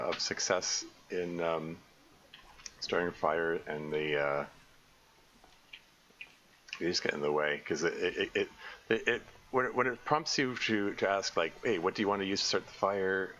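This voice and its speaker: A man's voice: deep voice, unhurried, fairly bright tone. A man casually commenting on a survival game during a live stream, rambling and often restarting his sentences. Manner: rambling, self-correcting, frequent stammered restarts. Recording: slightly dull lo-fi mic with faint noise.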